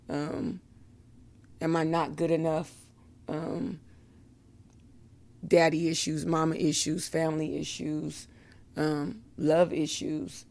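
Slow, gravelly woman giving testimony. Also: deep voice, darkish tone. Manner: slow and emotional, many "um" fillers, laughs often. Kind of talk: personal faith testimony.

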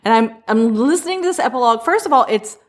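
A woman's voice: fairly high pitch, lively intonation, fast. A woman casually talking about a novel she listened to, loose and chatty, with lots of fillers and the odd swear word. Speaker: book discussion co-host.

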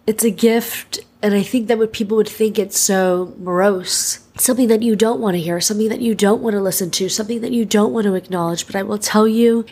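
A woman's voice: mid-range voice, a little mellow, slightly rough. A woman hosting her podcast, speaking in an earnest, emotional, reflective way as she introduces the episode. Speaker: podcast host. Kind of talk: heartfelt podcast intro monologue.

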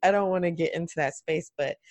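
Woman host, casual chat, giggly, self-deprecating, lowish voice, dry sound. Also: quick pace, darkish tone, no room sound. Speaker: podcast host. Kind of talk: casual podcast conversation.

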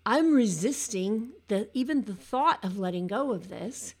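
Earnest woman with a gravelly voice. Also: medium pitch, animated, a little slow. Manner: earnest, acts out clients' words. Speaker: coach for cancer survivors. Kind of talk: motivational talk to camera.

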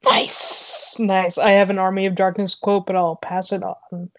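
A man co-hosting a podcast, talking unhurriedly and pausing to think aloud. His manner is easygoing and a bit hesitant. The recording is dry and close-miked. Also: sits high, completely flat delivery, a bit bright, no echo. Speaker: podcast co-host. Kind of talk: casual podcast chat.

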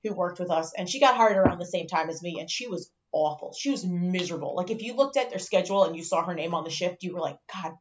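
A woman's voice: on the low side, expressive, fast talker, hardly any pauses, slight background noise. A woman guest telling a bar story in a casual chat, swearing freely and acting out what people said. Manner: profane, laughing, acts out quotes. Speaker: podcast guest. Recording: dull lo-fi podcast mic.

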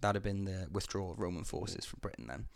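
A man's voice: low voice, fast talker, vocal fry, a crowd in the background. A young man co-hosting a podcast in a rambling, laid-back way, with lots of ums and casual swearing. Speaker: podcast co-host. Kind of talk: casual chat.

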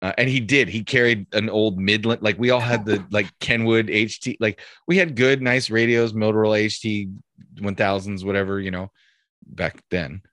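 A man's voice: lowish voice, steady tone, normal speed, fairly bright tone, dry recording, studio quality. Laid-back man telling a rambling story. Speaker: police officer. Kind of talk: casual podcast chat, storytelling.

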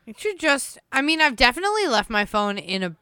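Bright, lively young woman reacting. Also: a little high, clear, resonant tone, no echo, clean studio sound. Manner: reacts with quick incredulous questions and comments. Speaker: podcast co-host reacting. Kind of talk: casual true-crime podcast chat.

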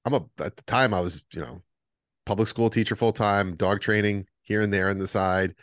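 A man with a lowish voice tells lively, animated stories in casual podcast chat. The sound is dry and close, with little room. He acts out the other people in his stories. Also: normal speed, no echo. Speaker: podcast co-host.

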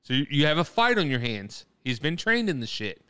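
A man's voice: on the high side, very animated, brisk, pushed and bright, clear, resonant tone. A man co-hosting a podcast in casual chat, swearing freely and restarting his sentences as he argues a point. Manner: casual, profane, loose restarts while arguing a point. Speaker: podcast co-host.

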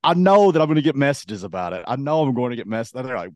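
A man co-hosting a casual podcast chat, rambling and animated, slipping into quick impressions. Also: mid-range voice, no echo, clean studio sound. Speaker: podcast co-host.

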